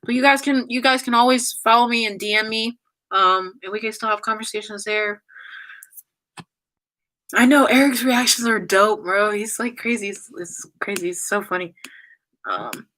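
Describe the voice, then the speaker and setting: A young YouTuber, emotional and struggling not to cry, reads comments and rambles through apologies full of fillers during her goodbye livestream. Her voice is on the high side and sharp, at a moderate pace. The recording sounds rough.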